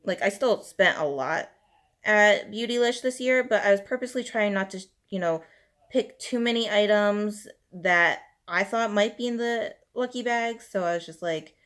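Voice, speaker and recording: A woman in her 30s with a medium-pitched voice talks at normal speed during a ranting get-ready-with-me session, applying makeup as she goes. Her venting is animated and fed up, with "like" and "you know" everywhere.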